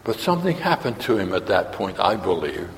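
A man's voice: deep voice, big pitch swings, a little fast, a little hiss or hum. A man preaching a sermon, asking his listeners questions and acting out quotes as he goes. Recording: long hall reverb.

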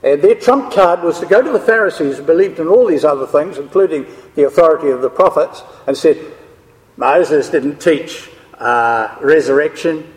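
A man lectures a class on scripture, walking through ideas step by step and checking in with the listeners, with long hall reverb on the recording. His voice is on the high side, expressive and darkish in tone, and he speaks fast with few pauses.

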